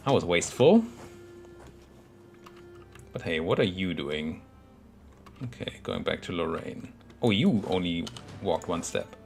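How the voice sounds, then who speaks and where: A young man casually commentating his own strategy game, thinking aloud and muttering at the units on screen. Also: low-pitched. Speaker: gameplay commentator.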